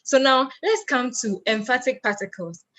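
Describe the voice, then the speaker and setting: A woman's voice: fairly high pitch, expressive, normal speed, a bit bright. Patient woman teaching a language lesson. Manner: patient, explains step by step, asks and answers own questions.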